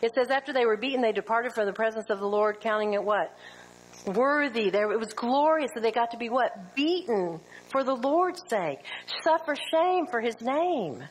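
A middle-aged woman teaching a women's Bible study, lively and full of rhetorical questions, sometimes acting out quotes. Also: fairly high pitch, moderate pace, breathy edge, low-quality recording.

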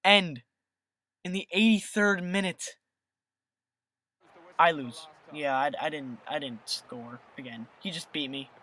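A young gamer giving excitable gameplay commentary over a football video game, swinging between hype and annoyed rants. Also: medium pitch, slow, pauses often, no room sound, studio quality. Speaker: gaming video host.

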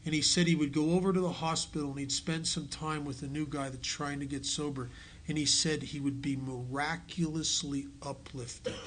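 A man giving a recovery talk at a meeting, telling his story earnestly and dropping to a hush on key lines. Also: on the high side, steady tone, normal speed, a little hiss or hum. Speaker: AA speaker. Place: meeting hall.

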